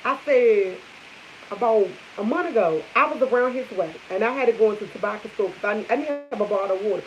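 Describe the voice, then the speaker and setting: A woman's voice: mid-range voice, fast. A young adult woman chatting casually to her viewers, blunt and emphatic, repeating her points for force. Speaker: vlogger. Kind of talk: casual chat to camera. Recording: dull lo-fi audio.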